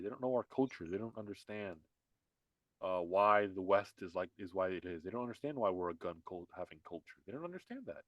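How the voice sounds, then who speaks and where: A man co-hosts a casual political podcast, his voice on the low side, recorded with no echo and the highs cut off. He talks in a heated, emphatic way, repeating himself and restarting often.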